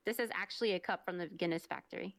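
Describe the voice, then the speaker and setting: A woman's voice: on the low side, fast, dry recording. Giggly young woman podcast co-host. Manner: giggly, playful, reads research notes. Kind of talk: casual chat and storytelling.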